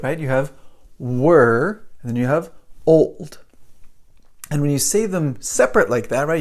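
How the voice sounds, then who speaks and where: Man, English teacher, chatty live pronunciation lesson, animated, greets viewers by name. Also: medium pitch. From United States.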